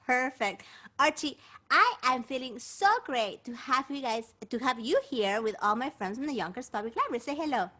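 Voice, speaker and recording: A woman's voice: sits high, lively intonation, moderate pace, sharp tone. A woman hosting a bilingual children's show, playful and encouraging as she talks to the kids. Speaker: children's performer.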